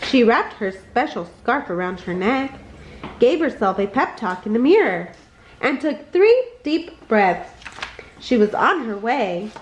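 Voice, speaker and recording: A woman reads a bedtime picture book aloud in a high, sing-song voice that rises and falls with every line. Her reading is playful and expressive, and it rings a little in an echoey room. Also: a little slow, muffled recording, a little hiss or hum. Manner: expressive, jumps high for characters' lines. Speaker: storybook reader.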